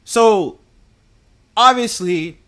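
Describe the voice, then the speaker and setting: A young man with a New York accent, ranting in a casual, profane and animated way to his live chat. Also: sits high, drawn-out words, clear, resonant tone. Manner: profane, animated, heated and joking. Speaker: host.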